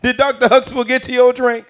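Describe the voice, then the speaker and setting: Give me a man playing a loud, profane comedian, pitched up high. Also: level tone, brisk. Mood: rowdy. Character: brash foul-mouthed grown comedian impression, male.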